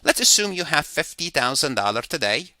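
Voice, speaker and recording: Accounting lecturer, male, bright and sharp tone, dry close-miked sound, patient step-by-step explainer. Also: a little high, big pitch swings, fairly quick, no room sound. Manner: explains step by step with worked examples, repeats phrases. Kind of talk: recorded lecture.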